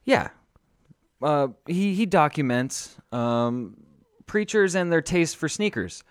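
A young adult man co-hosting a podcast, goofy and excitable, out of breath from running upstairs. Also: a little high, takes it slowly, clean tone, no room sound, clean studio sound. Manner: excitable, goofy, swings loud and soft. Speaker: podcast co-host. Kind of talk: casual chat.

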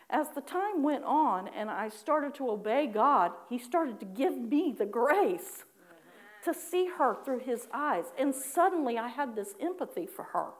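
A woman preaching a personal testimony, animated in her storytelling, acting out her own prayers with laughing asides. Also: fairly high pitch. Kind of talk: sermon testimony.

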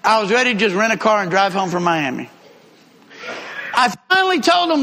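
A man preaching a sermon, telling a travel story with lively emphasis and repeated phrases. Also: high-pitched, fairly quick, gravelly. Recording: long hall reverb.

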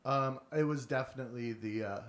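A man co-hosting a casual podcast chat, relaxed and chatty, laughing easily as he talks. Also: mid-range voice, a little fast. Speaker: podcast co-host. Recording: echoey room with faint hiss.

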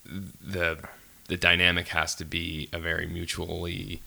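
A man hosting a casual podcast interview, chatty and joking, quick to react. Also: sits low, monotone, vocal fry, bright, forceful tone. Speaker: podcast host.

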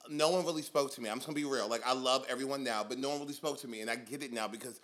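A young man and drag queen, guest on a casual podcast, telling animated stories with frequent laughter and casual swearing. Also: medium pitch, very fast.

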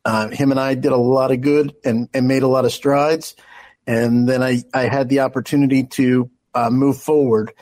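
A man's voice: medium pitch, level tone, moderate pace, darkish tone, no room sound, low-quality recording. A middle-aged man from Philadelphia, a guest on a radio show, answering in an earnest way with frequent restarts. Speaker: guest, party executive director. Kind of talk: radio interview.

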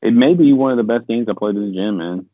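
A deep-voiced man rattles off his thoughts at speed, cursing freely and getting worked up as he rambles. The sound is thin and tinny like a phone line, and completely dry. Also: quick pace, dry recording. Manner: swears a lot, rambling and animated when venting. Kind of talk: casual gaming chat.

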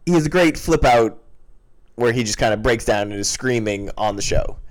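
A man co-hosting a film podcast in casual chat, measured and hesitant, often pausing on "uh". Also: mid-range voice, expressive. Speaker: podcast co-host.

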